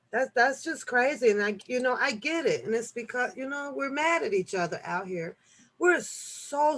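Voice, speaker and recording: A woman with a somewhat high voice hosts a casual live-stream chat. She reads news articles aloud and jokes with her viewers. Her delivery swings from low mutters to loud, laughing outbursts.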